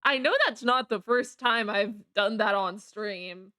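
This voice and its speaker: A woman's voice: mid-range voice, unhurried, bright, forceful tone, no echo, clean studio sound. A woman streaming a card game live, chatting casually and giggling often as she rambles. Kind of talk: casual live gameplay commentary.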